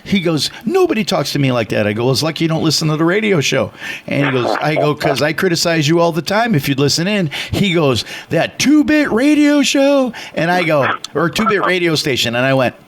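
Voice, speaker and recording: A man from Chicago co-hosting a radio talk show, telling a story loudly and animatedly, with acted voices. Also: on the high side, fairly quick. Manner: loud and animated; passionate, retells dialogue with acted voices. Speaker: radio co-host.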